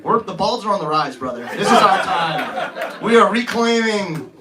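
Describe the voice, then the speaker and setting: A man's voice: high voice, expressive, moderate pace, noisy background. A man in his thirties doing brash, teasing, profane crowd work as a stand-up comedian on a club stage. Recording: distant mic, loud laughing crowd.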